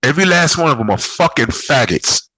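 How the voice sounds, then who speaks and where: Heated New man, bright husky voice. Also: a little high, animated, brisk, no echo, low-quality recording. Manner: heated, profane, emphatic. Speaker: boxing vlogger. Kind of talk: angry vlog rant.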